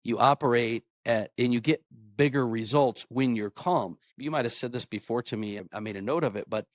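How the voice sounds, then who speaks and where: A man's voice: mid-range voice, normal speed, no echo, studio quality. A man hosting a podcast interview, enthusiastic and recapping his guest's points for the listeners. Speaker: podcast host.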